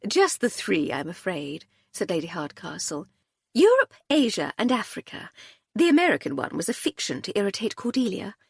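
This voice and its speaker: A woman's voice: medium pitch, huge pitch swings, moderate pace, vocal fry, husky, dry recording, heavily acted. A woman narrator voicing a witty, unflappable upper-class lady detective with a dry, breezy manner.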